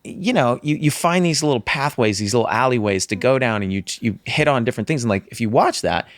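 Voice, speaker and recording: A man co-hosting a podcast in casual chat, animated and repeating words as he thinks. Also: medium pitch, fast, dry recording. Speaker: podcast co-host.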